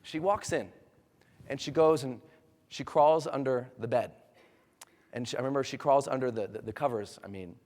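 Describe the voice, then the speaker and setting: A man in his thirties giving a motivational seminar speech, building from quiet storytelling to loud rallying cries. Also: mid-range voice, moderate pace, long pauses. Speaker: motivational speaker. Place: large hall with a live audience. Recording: long hall reverb.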